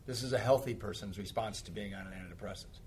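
A man's voice: lowish voice, fast, background noise. A middle-aged man in recovery tells a personal story in casual chat. His delivery is wry and anecdotal, and he laughs often. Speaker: guest in recovery.

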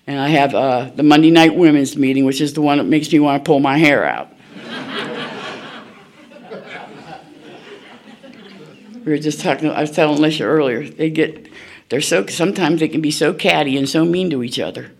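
Gravelly older woman, blunt folksy storyteller. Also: deep voice, darkish tone. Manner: blunt, folksy, candid, laughs at herself. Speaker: recovery meeting speaker. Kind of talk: personal storytelling share.

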